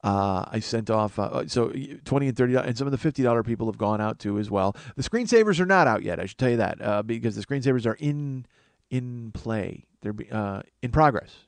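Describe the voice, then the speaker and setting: A man hosts a solo comedy podcast, rambling and self-mocking as he loses his train of thought. His voice sits at an ordinary middle pitch and sounds tired from too little sleep. The recording is close and dry, with no room sound. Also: lively intonation, brisk, no echo.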